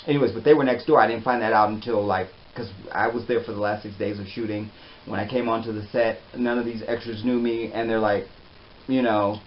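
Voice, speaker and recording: A man telling a personal story in a casual, animated way, often trailing off softly. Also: on the low side, fast. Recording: slightly dull with faint hiss.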